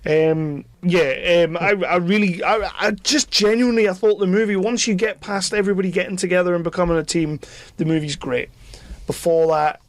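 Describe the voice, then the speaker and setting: A man's voice: sits high, steady tone, fairly quick, no echo. A man hosting a podcast, giving opinionated casual film reviews and often repeating words as he starts a sentence. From Britain. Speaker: podcast host.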